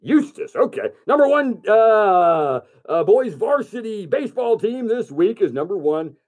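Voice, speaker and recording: A man's voice: high-pitched, big pitch swings, measured pace, a little mellow. A man hosting a call-in sports radio show, reading rankings casually with fillers and restarts.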